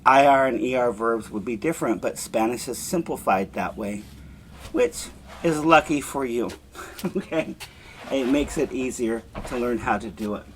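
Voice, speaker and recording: A man teaching a Spanish class, slowly repeating verb forms for students to echo. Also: medium pitch, a little hiss or hum. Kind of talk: classroom lesson with drills.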